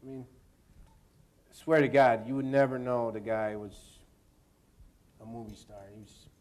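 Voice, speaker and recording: A man, an actor, telling a lively anecdote in an interview at a university event, laughing and mimicking the people in it. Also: mid-range voice, moderate pace. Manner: animated, laughing storyteller who mimics others.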